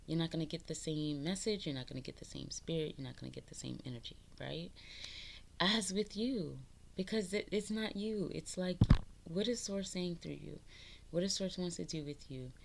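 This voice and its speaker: A woman with a low voice gives a casual spiritual pep talk to her viewers. She swears constantly, laughs a lot and preaches self-worth in a loose, streetwise way. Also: normal speed, vocal fry, background noise. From New York, the Bronx. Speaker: spiritual vlogger.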